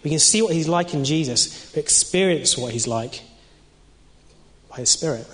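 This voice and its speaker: A man's voice: a little high, lively intonation, normal speed, fairly bright tone. A young man preaching an informal sermon in a conversational way, with many fillers and restarts. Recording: long reverb of a hall.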